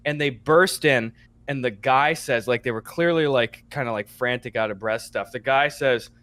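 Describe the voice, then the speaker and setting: A young man co-hosting a podcast, telling a story in casual chat, animated and swearing casually. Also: medium pitch, normal speed. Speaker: podcast co-host.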